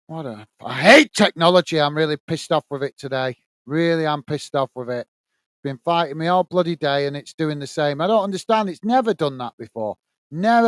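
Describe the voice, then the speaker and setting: High-voiced British man, rambling host. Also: smooth, dry recording. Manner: rambling, exasperated muttering about tech trouble. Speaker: football watchalong host. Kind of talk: casual live-stream chat, reading out viewer comments.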